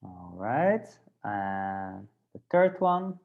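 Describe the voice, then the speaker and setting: A man with a Dutch accent teaching a Dutch class online, patiently repeating words slowly for learners, with a native Dutch speaker's English. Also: fairly low pitch, big pitch swings, vocal fry, narrow, tinny audio.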